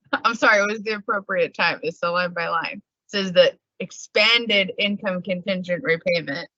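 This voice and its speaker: A chatty woman negotiator in a virtual meeting, with a bright and lively voice. She laughs often and says "like" a lot. The audio is dry and muffled, as on a video call. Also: lowish voice, moderate pace, no room sound. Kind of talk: casual meeting talk.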